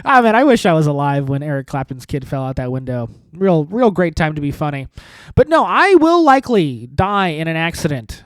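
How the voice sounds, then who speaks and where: A male comedy podcast host rambles alone through dark, self-mocking jokes, his pitch swinging up and down with lively expression. He drops sarcastic asides in a loose monologue. The sound is dry and close, with no room echo.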